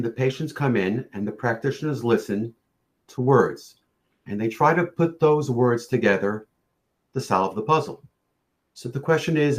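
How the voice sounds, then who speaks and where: A man presenting a lecture on facial pain, speaking in a measured storytelling way with occasional fillers and restarts. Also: mid-range voice. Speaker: orofacial pain practitioner presenting.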